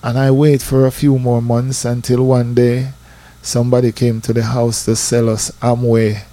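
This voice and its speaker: Jamaican man, mid-pitched, dry close sound, lively testimony storyteller with patois. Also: moderate pace, dry recording. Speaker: church member giving testimony.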